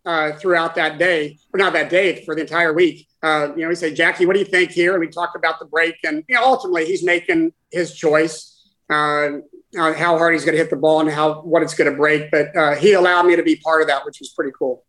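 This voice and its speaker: A man in his sixties, a guest, telling a personal story in conversation in a halting, heartfelt way with many restarts. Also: on the high side, fairly even intonation, fairly bright tone, poor audio. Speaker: guest, former caddie for his father.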